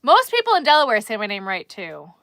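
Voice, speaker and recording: A woman's voice: on the high side, wildly swooping pitch, fairly quick, fairly bright tone, no room sound. A woman with a New Jersey accent, hosting a casual livestream and chatting in a rambling way while she crochets. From Newark, New Jersey. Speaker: livestream host.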